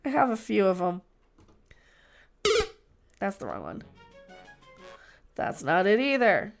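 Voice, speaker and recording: A woman's voice: medium pitch, huge pitch swings, takes it slowly, creaky, soft background music. A young woman hosting a casual livestream, rambling and chatty, often trailing off and restarting. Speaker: livestream host.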